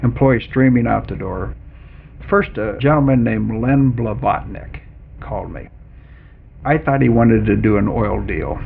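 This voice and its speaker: Gravelly older man telling a story over narrow radio audio. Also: lowish voice, measured pace. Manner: lively raconteur, chuckles through his story. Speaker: retired executive guest. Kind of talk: anecdotal storytelling in an interview. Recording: narrow phone-like radio sound with faint hiss.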